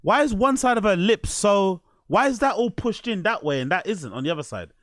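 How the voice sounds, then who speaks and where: A man's voice: high-pitched, lively intonation, fairly quick, fairly bright tone, dry recording, studio quality. A man hosting a reaction show, talking in a crude, rambling way and laughing easily. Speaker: host. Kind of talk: reaction commentary.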